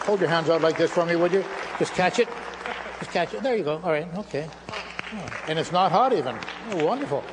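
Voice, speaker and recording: A man's voice: a little high, darkish tone. An older man giving a live stage lecture with magic demonstrations, in playful, self-mocking showman patter. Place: lecture hall stage before an audience. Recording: live hall recording with faint hum. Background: audience laughter.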